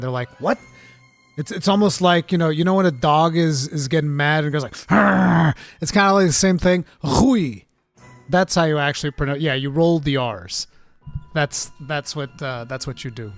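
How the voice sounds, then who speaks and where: Excitable male gaming streamer. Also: on the high side. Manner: animated, excitable, rambling with restarts. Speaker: live stream host. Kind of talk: casual gaming talk, reading chat.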